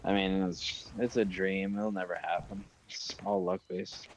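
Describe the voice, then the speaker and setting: A man talks casually with a friend during a game. His voice sits low, and he runs through details in a plain, matter-of-fact way. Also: little pitch movement, unhurried, slight background noise. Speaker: co-op gaming partner. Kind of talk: casual chat while gaming.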